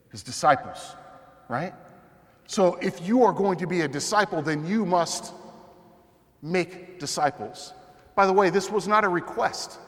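A man's voice: high-pitched, a bit bright, long reverb tail. A young man preaching a sermon in a conversational way, often asking the listeners questions.

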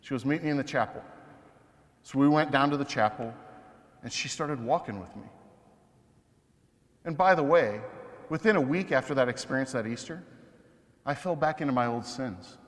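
A man giving a personal testimony talk as a Catholic speaker, telling his story with animated, self-deprecating humor. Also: medium pitch, moderate pace, long pauses. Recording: long hall reverb.

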